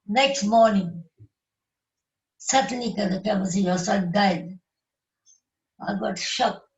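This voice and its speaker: A woman in her nineties from South Africa with a South African Indian English accent, telling her life story in halting, broken English while grieving. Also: mid-range voice, distant mic. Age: 90s. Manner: slow, halting broken English with short phrases. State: grieving, emotional. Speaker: interview guest. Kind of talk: tearful life-story recollection. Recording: echoey dull live-stream audio.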